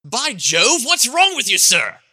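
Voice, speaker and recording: A man's voice: huge pitch swings, measured pace, sharp tone, husky, full character voice. Man putting on a prim British talking donkey. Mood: indignant. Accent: put-on British. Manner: prim, proper, high-pitched. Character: talking donkey, male, polite and distinguished.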